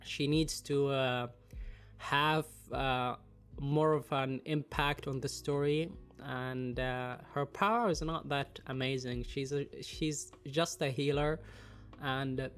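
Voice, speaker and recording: A man's voice: medium pitch, fairly even intonation, takes it slowly, fairly bright tone, soft background music. A man with a congested voice from the flu, casually rambling through a fan tier list with lots of fillers and some swearing. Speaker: anime and manga commentator.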